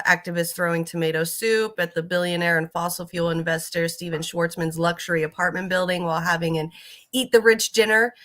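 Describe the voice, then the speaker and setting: A woman's voice: on the low side, sharp tone. A woman giving casual reaction commentary on videos, rambling with lots of fillers and casual swearing.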